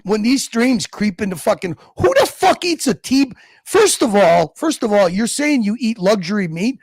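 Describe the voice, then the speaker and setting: High, gravelly man ranting on a stream. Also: very animated, normal speed, few pauses, no room sound, clean studio sound. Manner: profane, mocking, heated rant. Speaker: livestream host. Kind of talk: ranting livestream chat.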